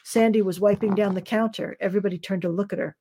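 A woman novelist reading her own fiction aloud at an unhurried, measured pace. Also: mid-range voice, steady tone, mellow, slightly rough.

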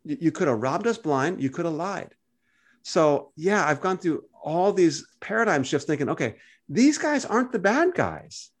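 A man telling a personal story in casual conversation, animated and jumping his pitch up high when he quotes people. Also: normal speed. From United States. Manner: animated storyteller, acts out quoted voices with big pitch jumps. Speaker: podcast co-host.

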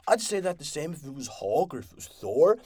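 A man hosting a podcast, excitedly recapping and reviewing an episode in a rambling, casual way with many restarts. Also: on the high side, brisk, husky, no room sound. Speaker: podcast host.

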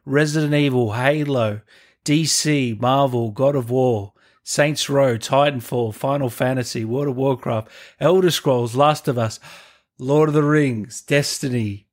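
A man's voice: mid-range voice, measured pace. A man hosting an interview, an eager fan who coaxes his guest. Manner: enthusiastic fan, coaxing. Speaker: podcast host. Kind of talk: casual interview.

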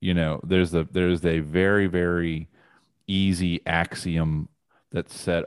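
A man's voice: deep voice, flat delivery, takes it slowly, clear, resonant tone. A man co-hosting a casual sports chat, making his case emphatically.

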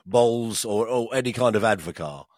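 A man's voice: lowish voice, lively intonation, normal speed, a little mellow, no room sound, clean studio sound. A British man co-hosting a podcast, rambling casually and laughing often. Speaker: podcast co-host. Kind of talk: casual chat.

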